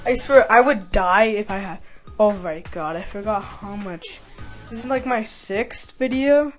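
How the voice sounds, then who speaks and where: A woman's voice: mid-range voice, a little slow, faint music behind. A young woman casually reacting to autoplayed videos, exasperated and dramatic in her complaints. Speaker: YouTuber.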